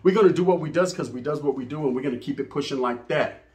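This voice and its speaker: Speaking fast in a slightly high, darkish voice, this middle-aged channel host delivers a casual, profane monologue about life on the streets. Spanish slang pops up, along with repeated "right?" and "you know what I mean?"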